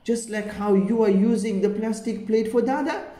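Little boy for a children's story, voiced by a man high and earnest. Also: moderate pace, warm tone, natural voice. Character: sweet clever little boy. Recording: roomy echo.

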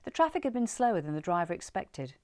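A woman reading a story aloud in an expressive, measured way. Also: lowish voice, dry recording, clean studio sound.

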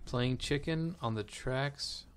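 A man's voice: medium pitch, takes it slowly, fairly bright tone, a little hiss or hum. Wry man guesting on a comedy podcast. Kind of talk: improv comedy banter. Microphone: studio microphone.

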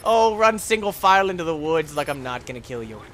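A man hosting a let's play, commentating his own game with excitable jokes and yelps. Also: on the high side, fairly quick. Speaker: gaming channel host.

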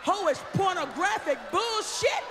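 A woman doing a live stand-up set, brash and profane, shouting her punchlines at the crowd. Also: extremely high pitch, expressive, takes it slowly. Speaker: stand-up comedian. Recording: live stage show in a large hall with a loud audience.

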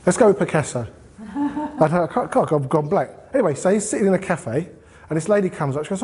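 A man's voice: a little high, sing-song, quick pace, darkish tone. A man speaking at a group meeting, giving a conversational motivational talk and asking the audience questions. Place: meeting room.

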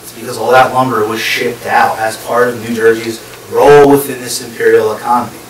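A guest lecturer, male and medium-pitched, speaks a little fast with little pitch movement while giving a public history lecture to a live audience. He proceeds step by step and puts questions to his listeners. The recording has room echo, a distant mic, and faint hiss.

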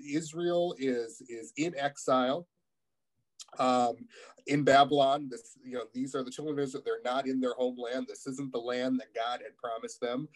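A man's voice: mid-range voice, rough recording. A man preaching a guest sermon in a church, reading scripture aloud and asking the congregation questions between hesitant, filler-heavy stretches. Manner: many fillers and restarts, asks the congregation questions.

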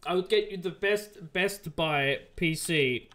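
A man's voice: fairly high pitch, takes it slowly, fairly bright tone. A man hosting a live stream, chatting casually and joking in rambling banter. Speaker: livestream host.

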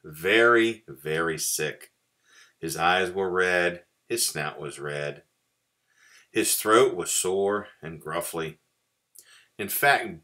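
A man, a pastor, reading a story aloud to children with expressive storytelling. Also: sits low.

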